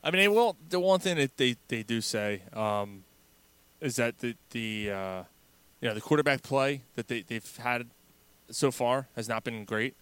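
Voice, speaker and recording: A man hosting a laid-back sports podcast, his voice smooth and clear with a dry, close sound. He rambles and restarts his sentences, filling gaps with ums and uhs. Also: medium pitch, lively intonation, a little slow, a bit bright, dry recording. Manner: rambling, hesitant, lots of fillers. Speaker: podcast host. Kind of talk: casual sports chat.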